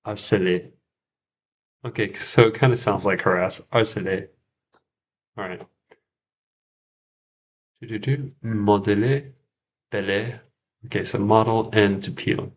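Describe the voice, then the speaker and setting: Slow gravelly low-voiced man. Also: fairly even intonation. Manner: thinks aloud, repeats words while checking himself. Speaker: French learner and livestream host. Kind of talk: casual livestream study session.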